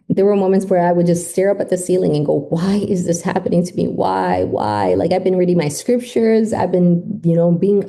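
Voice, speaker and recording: A woman's voice: lowish voice, warm tone. A woman guest on a podcast, emotionally retelling a personal story and acting out what people said. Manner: emotive retelling, acts out quoted speech.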